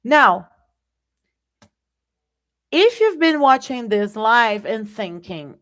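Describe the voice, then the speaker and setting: Slow-talking Brazilian woman teaching English. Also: on the high side, sing-song, fairly bright tone. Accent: Brazilian Portuguese. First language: Portuguese. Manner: conversational, addresses viewers as "guys", keeps asking "right?". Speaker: English teacher hosting a live class. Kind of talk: live-streamed language lesson.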